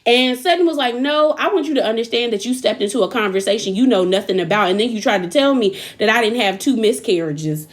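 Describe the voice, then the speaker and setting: A woman talks through a reality show episode in a casual, animated recap. Her voice sits a little high. She slips into the cast members' lines as she goes. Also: quick pace, hardly any pauses. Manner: chatty, animated, acts out quotes with laughs.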